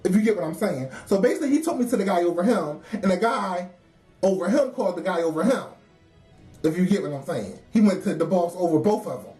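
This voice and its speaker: A woman's voice: on the low side, animated, fast, mellow, faint music behind. A woman, telling a casual work story, laughing often and acting out the voices of the people she quotes.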